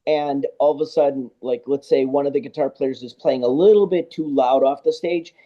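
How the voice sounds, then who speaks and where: A man with a very dark, mellow voice, talking casually as a guest on a podcast. He tells anecdotes with lively energy, playing out both sides of the conversations he remembers. The recording sounds dull and lo-fi. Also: medium pitch, normal speed. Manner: animated anecdote-telling, acts out both sides of dialogue. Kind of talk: casual storytelling interview.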